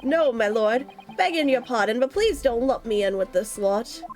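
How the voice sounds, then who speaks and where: A woman's voice: fairly high pitch, expressive, moderate pace, a little mellow, lightly acted. A woman voicing a brusque, middle-aged male police inspector, reading game dialogue over faint music.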